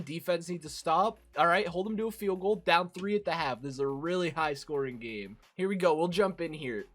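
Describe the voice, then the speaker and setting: A young man with a raspy voice from a cold, commentating a football video game and yelling at big plays. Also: on the high side. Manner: excitable, yells at big plays. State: hoarse from a cold. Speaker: gaming commentator.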